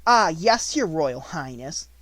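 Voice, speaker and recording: A man's voice: fairly high pitch, very animated, slow, fairly bright tone, no echo, voice pushed up, exaggerated voice. A man doing a sneering bossy schoolgirl. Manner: scornful, commanding.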